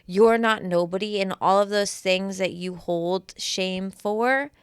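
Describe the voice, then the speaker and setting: A woman who co-hosts a podcast and facilitates healing sessions chats casually, speaking emphatically, repeating her points, swearing freely and sounding tired. Her mid-range voice is slow and smooth, recorded at studio quality with no room sound.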